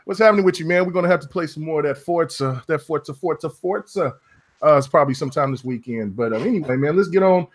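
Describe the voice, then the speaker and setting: Brief: male podcast host, slightly high voice, loose banter, repeats lines for effect. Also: rapid-fire, few pauses. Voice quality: loose, joking, repeats himself. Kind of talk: casual podcast chat.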